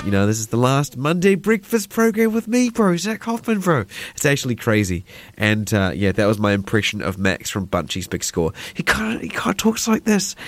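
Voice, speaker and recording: A man's voice: fairly low pitch, no room sound. A man, a laid-back, upbeat radio DJ talking casually between tracks on a breakfast show.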